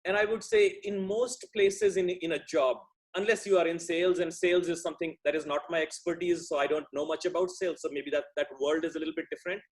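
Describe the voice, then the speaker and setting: A man's voice: on the high side, fairly even intonation, fast talker, hardly any pauses. A middle-aged man from India, a guest speaker, giving a thoughtful, conversational talk with frequent restarts. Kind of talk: talk on workplace relationships.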